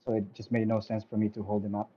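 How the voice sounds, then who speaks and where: A racing driver, a man, answering post-race questions in a modest, halting way over dull lo-fi call audio. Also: fairly low pitch, flat delivery, breathy edge.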